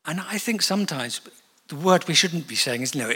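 A man preaches in a long-ringing church hall, his voice fairly high and bright. He talks conversationally, breaking into asides and acting out little quotes as he goes. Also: animated, a little fast, breathy edge. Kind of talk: sermon.

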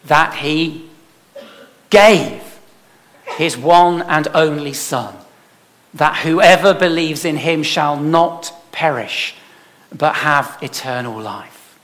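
A man preaching a sermon emphatically, putting rhetorical questions to his congregation and swinging from loud to soft. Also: fairly high pitch, takes it slowly, pauses often. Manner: emphatic, with dramatic swings in loudness. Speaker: pastor.

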